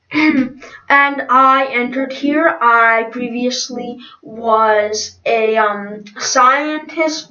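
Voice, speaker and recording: A woman's voice: a little high, pushed and bright. A middle-aged woman improvising a solo role-play with many hesitant fillers, recorded from a distance in an echoey room. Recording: distant, roomy, dull lo-fi.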